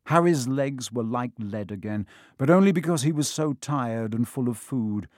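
A man narrating a children's fantasy novel in a steady, expressive audiobook reading. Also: medium pitch, normal speed, dry recording, clean studio sound.

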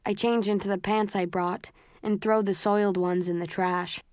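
A woman narrating a story in the first person, in a measured, tense, understated way, close to the mic. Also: mid-range voice, little pitch movement, darkish tone, clear, resonant tone, no echo. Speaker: audiobook narrator.

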